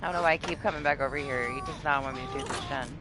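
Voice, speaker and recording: A woman's voice: very deep voice, racing, background noise. A woman streamer chatting casually while playing a game live, greeting viewers, swearing now and then and laughing often. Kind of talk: casual live gameplay chat. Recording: game music playing behind.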